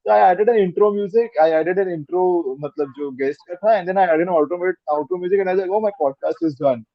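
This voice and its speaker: Chatty Indian man, slightly high voice. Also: quick pace, no echo, lo-fi sound. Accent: Indian English. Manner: rambling, repeats words, mixes Hindi into English. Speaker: podcast guest. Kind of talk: casual interview chat.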